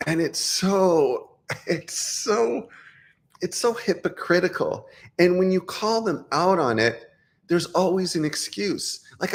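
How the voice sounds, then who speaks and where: A man's voice: sits high, lively intonation, slow, gravelly. Blunt opinionated man. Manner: opinionated, blunt, restarts often. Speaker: life coach. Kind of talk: casual talking-head monologue.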